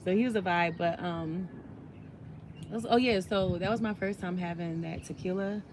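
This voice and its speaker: A woman's voice: fairly low pitch, normal speed, noisy background. A woman vlogger chatting casually while eating, in a laid-back, chatty way.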